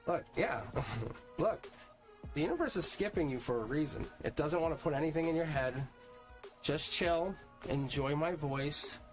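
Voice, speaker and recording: A man's voice: a little high, expressive, fairly quick. Upbeat guy doing a live tarot stream, chatty, laughs a lot, music going underneath. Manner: chatty and upbeat, laughs often, talks straight to viewers in the chat. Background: music playing.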